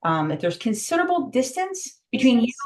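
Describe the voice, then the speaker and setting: A middle-aged woman giving a virtual safety training, brisk and emphatic with many fillers, over a video call. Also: a little high, big pitch swings.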